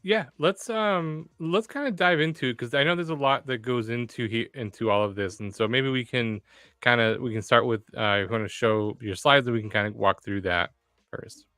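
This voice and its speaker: Bright, crisp-voiced man hosting a live stream. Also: mid-range voice, normal speed, dry recording. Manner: energetic, many "uh" fillers. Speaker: livestream workshop host.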